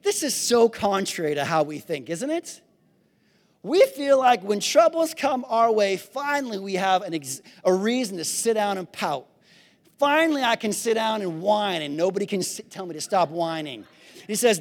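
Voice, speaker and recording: A male pastor preaching a sermon to his congregation, swinging between shouted praise and easy conversational asides. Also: high-pitched, lively intonation, moderate pace. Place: church sanctuary. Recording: long hall reverb.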